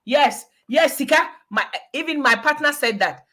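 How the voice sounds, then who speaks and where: Ghanaian lady in her 40s on a video call, lively chatty guest, laughs a lot. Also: high voice, normal speed. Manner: animated, laughs often, Ghanaian Pidgin turns. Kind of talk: casual live chat.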